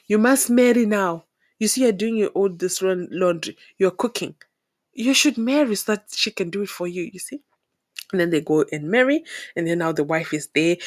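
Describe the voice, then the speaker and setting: A young Zimbabwean vlogger talks to the camera in a casual, opinionated monologue, sounding animated and exasperated and laughing often. Her voice sits at a medium pitch.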